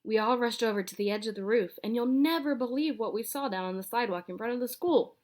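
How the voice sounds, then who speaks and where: A woman reading a children's chapter book aloud in a lively, expressive storytelling manner. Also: fairly high pitch, quick pace. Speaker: audiobook reader.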